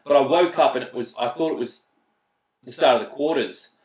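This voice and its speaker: A man's voice: medium pitch, a little fast, darkish tone, echoey room, poor audio. An Australian man hosting casual gameplay commentary, talking bluntly and swearing freely as he rants. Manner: blunt, profane, ranting. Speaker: mobile game player and channel host.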